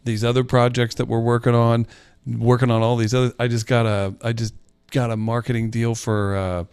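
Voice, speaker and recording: A man producing a podcast, chatting casually in a rambling, hurried way. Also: medium pitch, little pitch movement, a little mellow, clear, resonant tone, no room sound. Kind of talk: casual chat.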